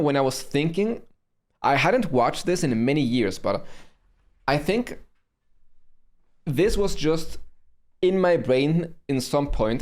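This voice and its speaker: A man with a German accent talking casually on a stream about his own video, pausing and restarting often. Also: mid-range voice, a little mellow. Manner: halting, with frequent pauses and restarts.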